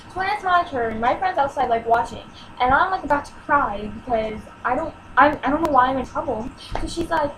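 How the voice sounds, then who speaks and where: A woman's voice: sits high, lively intonation, fairly quick, few pauses, fairly bright tone, a little hiss or hum, low-quality recording. A teenage girl telling a personal story in a home vlog, exasperated and emotional as she acts out what people said. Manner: emotional, exasperated retelling with acted-out quotes.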